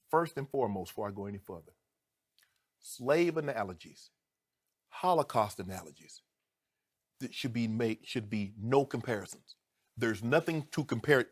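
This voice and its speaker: A middle-aged TV sports commentator with a slightly rough voice debates heatedly and emphatically. Indignant, he goes from low, measured remarks to loud speech and a series of rhetorical questions.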